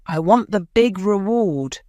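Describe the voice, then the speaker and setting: A woman's voice: mid-range voice, animated, takes it slowly, warm tone, no echo, lo-fi sound, voice pushed up. A woman voicing a boastful, greedy male army sergeant in an audiobook, blustering as she speaks. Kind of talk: audiobook character voice.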